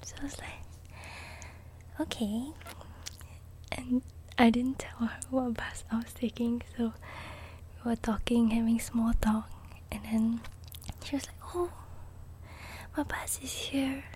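A young woman, a little congested, chatting in soft-spoken ASMR and rambling through a story with lots of "okay?". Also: fairly high pitch, flat delivery, measured pace, long pauses, slight background noise. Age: young adult. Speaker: ASMR creator.

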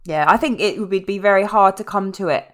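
A woman co-hosting a podcast, bantering quickly and joking in casual chat, with the odd swear. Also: mid-range voice, a bit bright. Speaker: podcast co-host.

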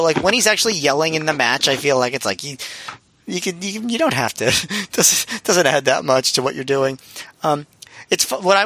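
A man's voice: on the high side, sharp tone, no echo. A man co-hosting a podcast, talking loosely in casual chat with lots of fillers and restarts. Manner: rambling, many fillers and restarts. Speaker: podcast co-host. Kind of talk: casual chat reviewing wrestling.

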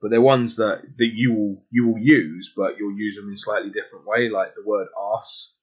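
A man's voice: on the low side, steady tone, a little fast, breathy edge. A man with a London accent in casual chat, hesitant and full of restarts. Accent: London English. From England. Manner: chatty, hesitant, many restarts. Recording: dull lo-fi audio.

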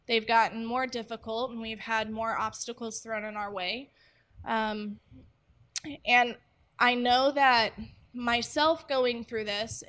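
A young American woman who speaks for a church ministry gives a faith-based teaching talk, earnest, candid and personal. Her voice sits on the high side with a sharp tone, and she says "um" often.

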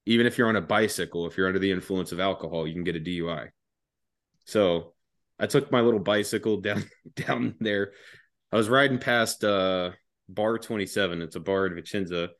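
Low-voiced young man, profane storyteller. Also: fairly quick, a bit bright, no echo, clean studio sound. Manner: profane, laughing, rambling. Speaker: podcast guest. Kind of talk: casual storytelling.

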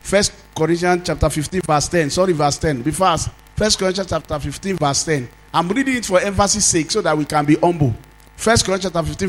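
High-voiced Nigerian pastor preaching. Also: male voice, soft background music, rough recording. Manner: preaching with call-and-response, drawn-out sung phrases. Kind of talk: sermon.

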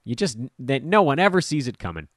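A man hosting a fantasy basketball podcast, talking casually in an animated, rambling, blunt and jokey way. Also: mid-range voice, brisk, no echo, clean studio sound. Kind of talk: casual podcast talk with sponsor promo.

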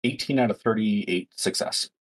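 A man playing a tabletop game who calmly explains his character's actions in a matter-of-fact way. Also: fairly low pitch, normal speed. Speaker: player. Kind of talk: casual tabletop play.

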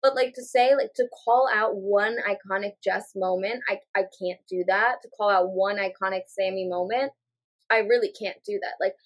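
A woman's voice: mid-range voice, moderate pace. A woman co-hosting a podcast, reasoning aloud in casual chat with many fillers. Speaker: podcast co-host.

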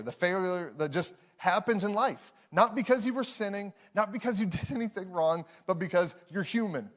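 A man in his thirties, a pastor preaching a sermon to a live room, telling a story with frequent restarts and acting out the voices in it. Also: a little high. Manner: acts out voices in anecdotes. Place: church hall with live audience.

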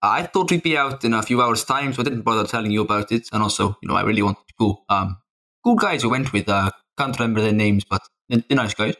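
A man's voice: fairly low pitch, quick pace, a bit bright. Hesitant casual player man. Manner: casual, hesitant with many uhs, swears. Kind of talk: in-character tabletop role-play.

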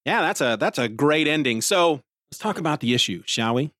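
A man's voice: a little high, expressive, brisk, fairly bright tone, dry recording, clean studio sound. Man casually recapping a comic. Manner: rambling, with restarts and short laughs. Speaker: podcast host reviewing a comic.

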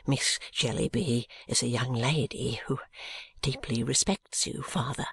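A reader doing a meek young son, soft and pleading. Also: medium pitch, unhurried, creaky, breathy edge, voice pushed down, heavily acted. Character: meek young man, dutiful submissive son. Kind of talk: audiobook character reading.

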